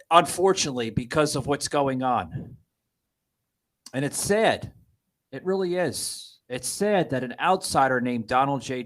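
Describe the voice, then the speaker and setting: Halting, indignant male podcast host. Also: medium pitch, fairly bright tone. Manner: halting, repeats words, then rises to indignant emphasis. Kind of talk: political commentary podcast.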